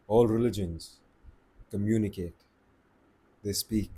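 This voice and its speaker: A man giving voice tips in a relaxed, unhurried, conversational way, slowing down to stress his points. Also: on the low side, slight background noise. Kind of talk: casual advice talk to camera.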